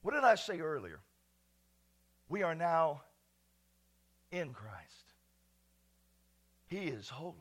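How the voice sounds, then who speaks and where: A man pastor preaching a sermon, dropping to quiet asides and then rising to loud, ringing exclamations. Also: a little high, very animated, slow pace, pauses often.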